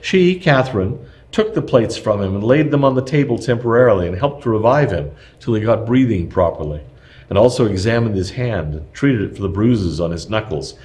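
Male narrator, lowish register, steady measured read of a nonfiction history text.

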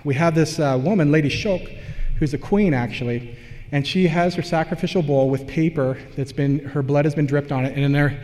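Male lecturer, mellow tone, conversational academic delivery, long hall reverb. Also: a little high, brisk. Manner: explanatory, loosely conversational with asides.

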